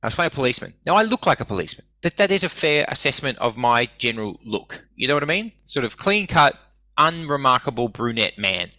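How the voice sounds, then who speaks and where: Aussie guy telling stories, swears a lot, does the voices, punchy bright voice, dry close sound. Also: medium pitch, fast talker, dry recording. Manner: swearing, animated anecdotes acting out quoted voices. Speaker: guest. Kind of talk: casual storytelling.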